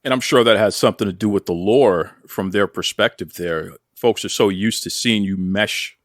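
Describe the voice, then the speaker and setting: A man's voice: on the low side, normal speed, no echo, studio quality. A man hosting an interview show, asking questions in an upbeat, playful way. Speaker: podcast host.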